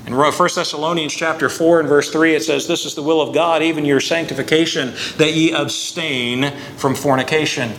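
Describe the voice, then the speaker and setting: A man's voice: a little high, steady tone, fairly quick, hardly any pauses, fairly bright tone. A man preaching a sermon as pastor, driving his points home with emphatic, rising stresses. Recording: long hall reverb, faint room noise.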